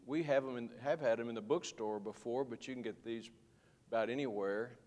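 A man's voice: medium pitch, a little fast, a little mellow, in a large hall. A man teaching a Bible study lesson to his class, folksy and rambling, often restarting his sentences. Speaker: Sunday school teacher.

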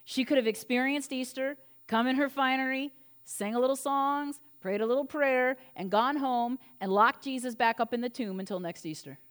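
A woman with a bright, high voice delivers a sermon. She retells the story in an animated, conversational way and slips in casual jokes along the way. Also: normal speed. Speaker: preacher.

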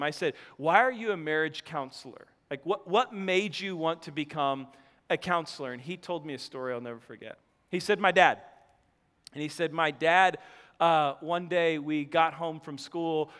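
Male preacher, clear resonant voice, slightly higher register, shifts from loud emphasis to near-hush, long hall reverb. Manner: swings from loud emphatic to soft hushed delivery. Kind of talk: sermon with storytelling.

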